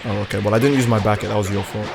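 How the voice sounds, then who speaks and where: A man live-streaming a game, chatting casually with his viewers and reacting loudly to the gameplay in a crude, animated way. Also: lowish voice, rapid-fire, creaky, faint music behind. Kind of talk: casual live-stream commentary while gaming.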